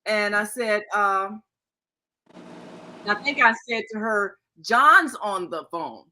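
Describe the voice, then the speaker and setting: A woman's voice: mid-range voice, animated, slow, pushed and bright, rough recording. An older woman and co-host, rambling through a family story in casual chat with many restarts.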